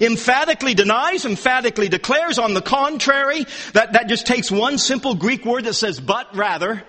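Animated man preaching in a reverberant hall. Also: extremely high pitch, fairly quick, hardly any pauses. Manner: animated, emphatic, rising to near-shouts for questions. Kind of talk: expository sermon.

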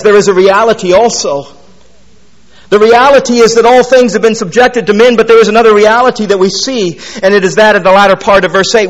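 A man delivers an expository sermon with emphasis, repeating key phrases and lowering his voice to a quiet hush to drive a point home. The recording carries the long reverb of a large hall.

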